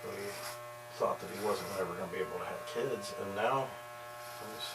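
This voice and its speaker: A man's voice: deep voice, moderate pace, gravelly, reverberant. A man working as a barber, chatting in an easygoing, folksy, rambling way while he cuts hair. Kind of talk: casual chat while cutting hair. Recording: distant mic with electrical hum and clipper buzz.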